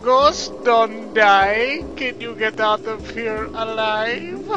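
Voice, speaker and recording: A man voicing a creepy, taunting male ghost in a slow, drawn-out singsong, with video game music behind. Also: high-pitched, highs cut off, pitched above the performer's own voice.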